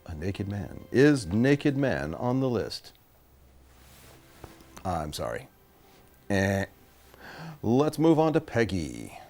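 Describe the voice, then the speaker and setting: Young male game show host, wildly swooping pitch, gravelly edges. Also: sing-song, slow, long pauses, darkish tone. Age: young adult. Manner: showy, swooping announcer delivery. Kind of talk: comedy game show hosting.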